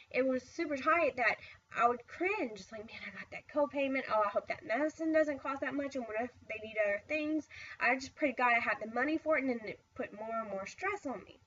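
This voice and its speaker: A woman's voice: fairly high pitch, fairly quick, fairly bright tone, husky, recorded from a distance, lo-fi sound. A tired middle-aged woman telling a personal story in a casual, rambling way, full of "I was like" asides. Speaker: vlogger.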